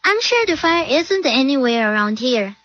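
A woman's voice: sits high, very animated, normal speed, fairly bright tone, dry recording, lo-fi sound, exaggerated voice. A woman voicing a neighbor woman who talks in a reassuring way. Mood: calm.

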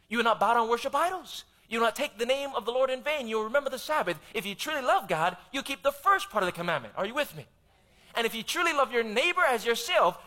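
A man preaching a sermon, emphatic and urging the congregation to say amen, swinging between loud and soft. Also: sits high.

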